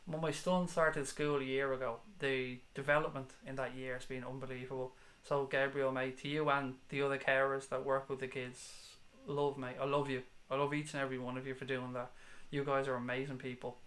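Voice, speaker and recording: Reading out comments on his live stream, this football fan channel host in his 30s has a headache but stays blunt, sweary and passionate. He speaks a little fast in a mid-range, level, slightly bright voice, hardly pausing.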